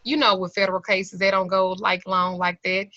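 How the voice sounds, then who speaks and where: Earnest woman telling a personal story, bright voice. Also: mid-range voice, flat delivery, moderate pace, dry recording. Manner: candid, colloquial, earnest storytelling. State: close to tears. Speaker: occult class teacher. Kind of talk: emotional personal testimony. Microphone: video call. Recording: slightly lo-fi video call audio.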